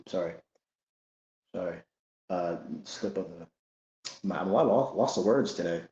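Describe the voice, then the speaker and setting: A lower-voiced man with a dark, mellow tone rants in a casual commentary, animated and full of slang, often repeating himself. He sounds recorded in an echoey room, with dull, lo-fi sound. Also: measured pace, pauses often. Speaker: religious commentator. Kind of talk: casual monologue.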